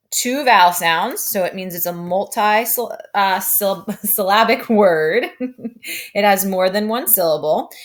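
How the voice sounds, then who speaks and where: A woman with a mid-range voice teaches a remote phonics lesson to young children. She is patient and upbeat, often checking in with "right?".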